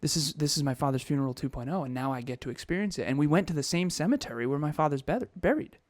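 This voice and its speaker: A man's voice: a little high, animated, fast talker, dry recording. A man in his thirties co-hosting a podcast, telling a personal story in an emotional, confessional way with frequent restarts. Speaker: podcast co-host.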